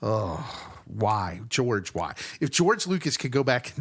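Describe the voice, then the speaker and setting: Animated male podcast co-host. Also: medium pitch, takes it slowly, background noise. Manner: animated, laughs often. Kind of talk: casual chat.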